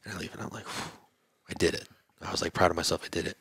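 A man, a podcast guest, telling a story in a lively way and acting out other people's lines. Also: low voice, rapid-fire, husky, no echo. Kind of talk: casual storytelling interview. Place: convention trade show booth.

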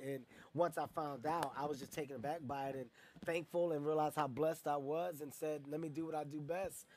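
A man from Philadelphia, a comedian guest talking in an interview, energetic and animated, often breaking into laughter as he tells stories. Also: on the high side, slight background noise. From Philadelphia, United States. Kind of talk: interview chat and storytelling.

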